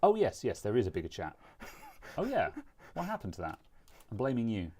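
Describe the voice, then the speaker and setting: Low-voiced british guy rambling on his stream, jokey and self-mocking. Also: wildly swooping pitch, fairly quick, warm tone, slightly rough. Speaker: streamer host. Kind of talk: casual chat on a live stream.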